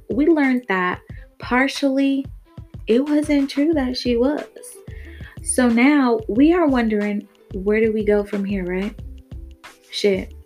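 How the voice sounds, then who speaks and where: Frank woman narrating an erotic story. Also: a little high. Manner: candid, casual, swears freely. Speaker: podcast host and storyteller. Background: faint guitar music.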